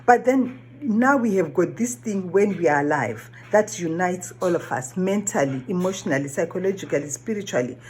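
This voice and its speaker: A woman's voice: lowish voice, animated, moderate pace, few pauses, darkish tone. A woman whose first language is not English, giving an earnest reflective monologue, often asking questions and repeating phrases. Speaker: vlogger.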